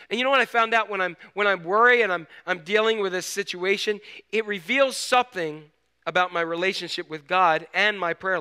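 A middle-aged male pastor preaching a sermon in an animated, conversational way, swinging from loud emphasis to hushed asides and asking rhetorical questions. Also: on the high side, clean tone.

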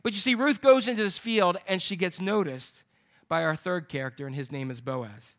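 A man's voice: high-pitched, normal speed, fairly bright tone. A man preaching a sermon, telling a scripture story with jokes to his congregation. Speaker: pastor.

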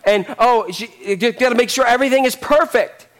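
A man's voice: very high-pitched, fairly quick. A man preacher voicing a frazzled woman who is overwhelmed by housework and complains bitterly about her sister. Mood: frantic. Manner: exasperated complaining rant.

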